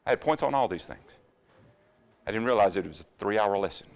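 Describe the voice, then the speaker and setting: A man preaching a sermon in a church, earnestly putting question after question to the congregation and dropping to quiet asides now and then. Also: lowish voice, animated, fairly quick, vocal fry. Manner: drops to quiet asides about running over time.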